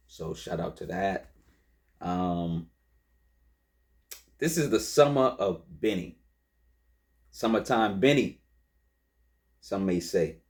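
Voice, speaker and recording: A man's voice: lowish voice, darkish tone. A man in his forties hosting a podcast and reviewing a rap album in a laid-back, rambling, emotional way with many fillers.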